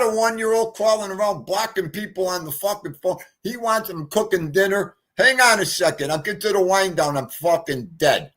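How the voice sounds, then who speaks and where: A man's voice: high-pitched, normal speed, hardly any pauses. A man hosting a casual livestream, joking and ranting in mock exasperation, swearing freely as he reads the chat. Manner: loud, joking banter with swearing. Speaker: livestream host.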